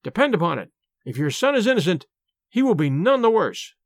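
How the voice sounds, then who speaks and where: A self-satisfied detective boasts of his work, as played by a male reader. His pitch runs high and animated. The sound is dry and close. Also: fairly quick, no echo. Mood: brisk. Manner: eager, boastful storytelling. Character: brash, self-pleased police detective, a man.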